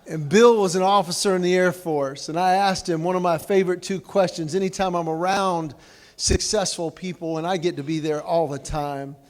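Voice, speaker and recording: A man's voice: high-pitched, steady tone, moderate pace, a little mellow. A man giving a humorous speech at a banquet, telling stories and acting out the quotes. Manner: storytelling with acted quotes. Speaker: banquet speaker. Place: banquet hall, indoors.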